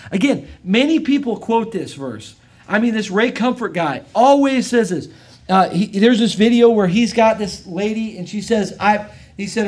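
An American man preaching a sermon as pastor, emphatic, swinging between loud and quiet, and reading scripture in a measured cadence. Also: high voice. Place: church service.

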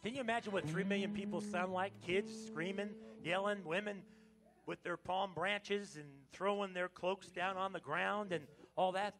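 An American man preaching a lively Palm Sunday sermon in church, joking with the congregation and breaking into sudden loud exclamations. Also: sits high, normal speed, over music. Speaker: pastor. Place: church sanctuary.

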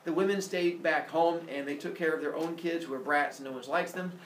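A man's voice: a little high, fairly even intonation, brisk, a little hiss or hum, close to an everyday voice. A man voicing a complaining, rambling middle-aged male farmer speaking for his group. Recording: echoey room, distant mic.

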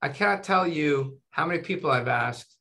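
A man with a fairly high, gravelly voice talks at a normal pace. He's a physician guest in a relaxed interview, animatedly telling stories and ending his sentences with "right?" and "you know."

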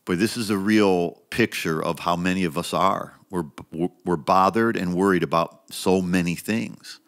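Deep-ish guy preaching, chatty and emphatic, repeats himself for punch, gets higher when he pushes a point. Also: moderate pace, fairly bright tone. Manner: emphatic, repeats phrases, rises in pitch when stressing a point; conversational preaching with frequent restarts and asides. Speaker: pastor. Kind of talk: sermon.

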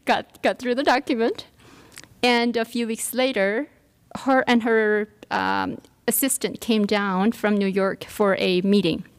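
A woman's voice: on the high side, steady tone, unhurried, clean tone. A woman giving a workshop talk, telling a personal story with many fillers and restarts. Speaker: workshop speaker. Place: lecture room.

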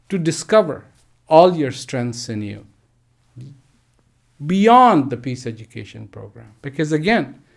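A man telling a parable and answering questions in a measured way, pausing often. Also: medium pitch, gravelly. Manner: slow, measured, pauses often. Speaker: speaker. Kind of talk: parable and Q&A talk. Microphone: live online stream.

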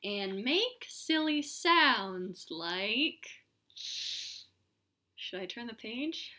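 Woman storytime host, high bright voice, slow and hammy, made for kids. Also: expressive. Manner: playful, exaggerated, with silly sound effects. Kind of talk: reading a picture book aloud to children.

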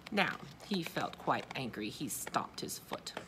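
Lively woman reading a picture book aloud. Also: a bass voice, a little slow, noisy background. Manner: expressive, questions to young listeners. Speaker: children's story reader.

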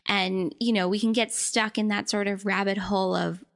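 An empathetic woman hosts a podcast, drawing her guest out with long, winding questions. Her voice sits at a middle pitch. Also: flat delivery, moderate pace, gravelly, a bit bright. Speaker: podcast host. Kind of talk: podcast interview.

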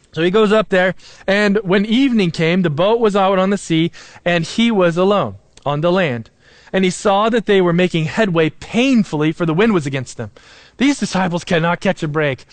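A male pastor delivering a sermon in a fairly high voice, recorded close and dry with no room sound. He speaks earnestly, slowing and sinking lower for emphasis, and drops in self-deprecating humor. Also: no echo. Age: adult, married with young children.

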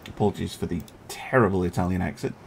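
A man's voice: sits low, fairly even intonation, fast talker, vocal fry, breathy edge. A man giving casual, musing commentary on a naval strategy game as host, chuckling often and poking fun at himself. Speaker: gaming video host.

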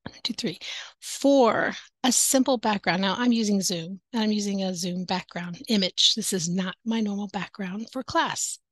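A woman's voice: mid-range voice, normal speed, few pauses, dry recording. A woman teaching online, giving casual tips to other teachers in an upbeat, chatty way, speaking into a headset. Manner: upbeat, chatty, laughs often. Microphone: headset with headphones.

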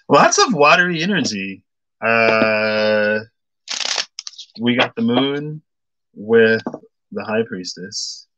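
A lower-voiced man gives a loose, meandering tarot reading for an audience watching along. He thinks aloud and piles up fillers and half-finished sentences, and the sound is close and dry. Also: fairly bright tone, no echo, rough recording. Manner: greets viewers by name mid-reading. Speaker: tarot reader. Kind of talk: casual tarot reading stream.

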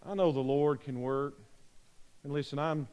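A man's voice: medium pitch, fairly even intonation, moderate pace, a little mellow, highs cut off. A man preaching an earnest, pleading sermon invitation in a church, repeating his phrases. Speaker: pastor. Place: church sanctuary.

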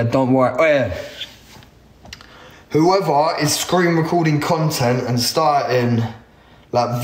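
Slow laid-back young guy. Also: medium pitch. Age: 20s. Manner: laid-back, swearing, slangy banter with viewers. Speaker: livestream host. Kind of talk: casual live-stream chat.

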